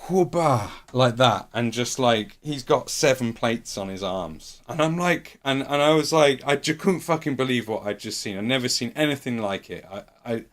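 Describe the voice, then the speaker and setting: A man's voice: medium pitch, normal speed, hardly any pauses. A man streaming, telling a rambling story with lots of swearing and fillers. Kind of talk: casual storytelling.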